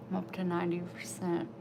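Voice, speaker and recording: Casual home vlogger, woman, middle-aged, unhurried and chatty, noisy home recording. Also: medium pitch. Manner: chatty, animated self-talk. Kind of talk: casual vlog chat. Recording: background noise.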